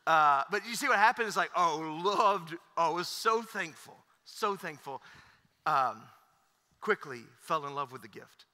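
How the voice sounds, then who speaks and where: A man's voice: fairly high pitch, lively intonation, a little slow, pushed and bright. A pastor in his thirties preaching a sermon in a church, emphatic and repetitive, with many fillers. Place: church sanctuary. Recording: echoey church hall.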